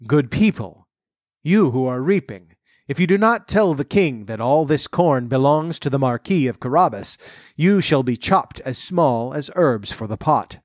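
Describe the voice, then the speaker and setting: A man voicing a sly, scheming male cat in boots in a storybook, speaking smoothly and courteously. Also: mid-range voice, expressive, measured pace, dry recording, clean studio sound, lightly acted. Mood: courtly.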